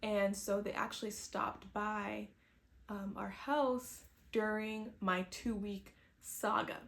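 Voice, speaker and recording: A young woman from New England, US, chats casually to camera, sharing a faith testimony on her vlog and acting out her own past thoughts. Her voice is mid-range and creaky, with a level tone and a slow pace.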